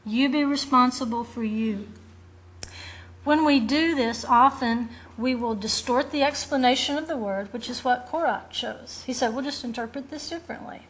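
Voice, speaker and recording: Speaking in an unhurried, slightly high voice, a woman Bible teacher delivers a sermon. She's earnest and direct, asks rhetorical questions, and performs the quoted lines of children and rebels.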